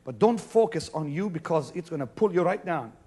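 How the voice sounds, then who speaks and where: A male pastor preaching a sermon to a congregation, shouting some lines and dropping to a near hush on others. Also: fairly high pitch, expressive, a little fast. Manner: preaching with sudden shouts and hushed stretches. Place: church before a congregation.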